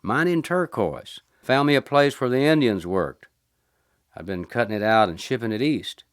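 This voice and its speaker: A man's voice: mid-range voice, animated, normal speed, clean tone, no echo, studio quality, voice pushed up, lightly acted. A man voicing an easygoing, tough desert drifter in a folksy drawl. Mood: cheerful.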